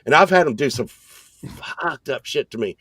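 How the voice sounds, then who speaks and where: A man co-hosting a podcast, telling stories in an animated, rambling way. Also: mid-range voice, a little slow, breathy edge, dry recording. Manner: animated storyteller, excited and rambling. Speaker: podcast co-host. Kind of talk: casual storytelling chat.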